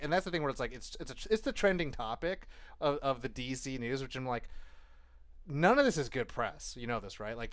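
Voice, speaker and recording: A man co-hosts a casual podcast, rambling at length in an animated way and swearing often. His voice is smooth and resonant, recorded dry and close with no room echo. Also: mid-range voice. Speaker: podcast co-host. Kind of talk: casual chat.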